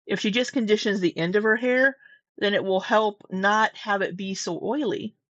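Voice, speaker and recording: A woman speaks at a moderate pace in a medium-pitched, slightly bright voice. She's a commentary vlogger from Southwest Missouri, USA, with a Midwestern American accent, rambling casually through reaction commentary, restarting and swearing, at her desk at home. Recorded dry on a close-up camera mic, highs cut off.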